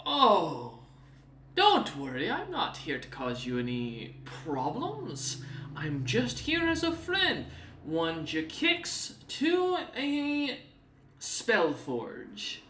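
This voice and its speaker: Guy doing a high, loud, smug demon merchant w/ cat ears, looks down on everyone, echoey room. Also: wildly swooping pitch, drawn-out words, slight background noise, exaggerated voice. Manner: smug, condescending, mock-friendly. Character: dapper cat-eared male demon merchant, smug and menacing.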